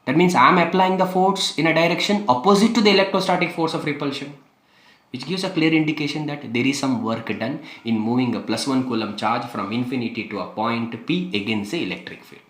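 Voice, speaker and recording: A man's voice: mid-range voice, brisk, a bit bright, reverberant. A man teaching a physics lesson, repeating key phrases with emphasis and asking rhetorical questions. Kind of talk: classroom lecture.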